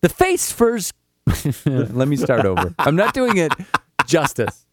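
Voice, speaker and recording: A man's voice: on the high side, measured pace, no room sound. Guy joking around on a podcast, voice swings all over, dry close mic. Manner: animated storyteller, swearing, mock voices. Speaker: podcast co-host. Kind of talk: casual comedic chat.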